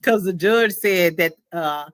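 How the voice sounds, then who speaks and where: A young adult woman hosting a casual livestream chat, telling stories in a candid, profane, animated way. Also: lowish voice, slow pace, no echo. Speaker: livestream host.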